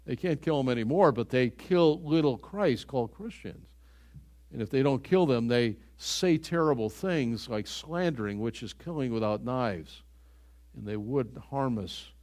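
A man's voice: mid-range voice, darkish tone. An older man preaching a sermon to his church in an earnest, conversational way, often restarting his phrases. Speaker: pastor.

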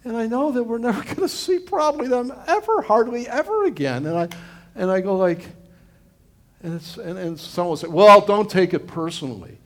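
Here a middle-aged pastor preaches a little fast, in a high, sing-song voice that rises and falls a lot. His conversational sermon rambles earnestly, looping back on itself with frequent restarts and fillers.

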